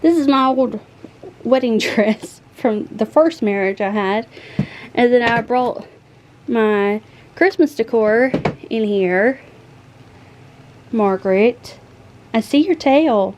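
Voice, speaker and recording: Slow-talking woman vlogger. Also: noisy background. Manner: talks to pets in a high sing-song voice. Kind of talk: casual chat to her cats and viewers. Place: home room with pets.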